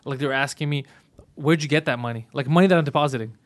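A man's voice: fairly high pitch, rapid-fire. A man, a podcast co-host telling a story in casual, profane chat.

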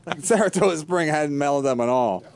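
Man, podcast host, crude banter, blunt swearing, slightly high, smooth. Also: lively intonation, darkish tone. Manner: blunt, swearing, quick jokey jabs.

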